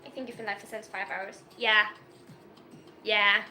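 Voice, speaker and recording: A German woman in her twenties chats casually on a phone livestream, excitable and giggly, rambling through self-mocking jokes. Her voice is mid-range, her pace measured, and music plays in the background.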